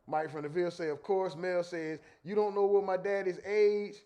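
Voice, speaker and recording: Animated high-voiced man reading chat. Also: moderate pace, clean tone, muffled recording. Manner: animated, laughing, reads chat comments aloud in a joking tone. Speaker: livestream host reading chat. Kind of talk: casual livestream commentary.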